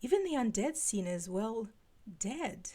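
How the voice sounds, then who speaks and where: A woman's voice: on the high side, sing-song, unhurried, dark tone. A woman doing a fussy British librarian man. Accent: attempted British. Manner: hesitant, stumbling over words. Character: fussy middle-aged British male librarian.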